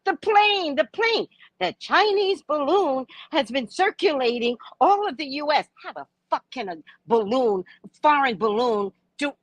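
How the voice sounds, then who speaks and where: A woman's voice: high voice, moderate pace, no echo. A woman, a psychic reader, ranting casually to camera in a blunt, profane way, exclaiming and laughing often. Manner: animated and exclamatory, laughing often between remarks; blunt and profane, asides to the viewer. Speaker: psychic reader and spiritual adviser. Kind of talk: casual opinion rant to camera.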